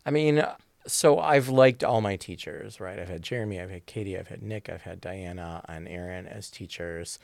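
A man's voice: low-pitched, normal speed, gravelly, a little mellow, no echo, clean studio sound. A man who teaches improv, talking thoughtfully in an interview, often checking in with "right?". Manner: thoughtful, rambling with fillers and "right?" tags. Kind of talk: conversational interview.

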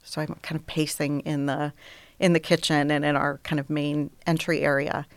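A middle-aged woman telling her personal story as an interview guest, softly, often dropping to a near whisper. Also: sits low, level tone, moderate pace, no echo.

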